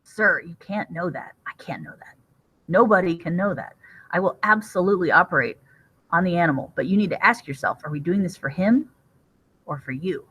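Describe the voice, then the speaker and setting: A woman voicing a calm, blunt veterinarian who talks in a level, matter-of-fact way. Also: on the low side, brisk, breathy edge, low-quality recording. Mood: grave.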